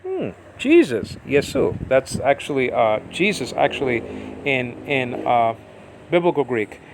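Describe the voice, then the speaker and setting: A man teaching a Bible lesson in a halting, informal way, with many fillers as he sounds out Hebrew and Greek words. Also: medium pitch, big pitch swings, slight background noise. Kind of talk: informal scripture study.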